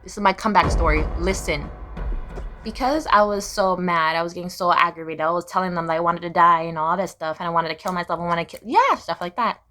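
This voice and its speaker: A woman's voice: fairly low pitch, quick pace, sharp tone, soft background music. A young woman telling her life story to the camera in a blunt, profane way, now and then squealing her inner voice. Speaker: vlogger.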